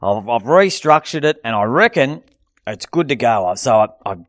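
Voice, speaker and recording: A man's voice: medium pitch, expressive, moderate pace, no room sound, clean studio sound. A man with an Australian accent, co-hosting a podcast, telling rambling self-deprecating stories in casual banter. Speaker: podcast co-host, comedian.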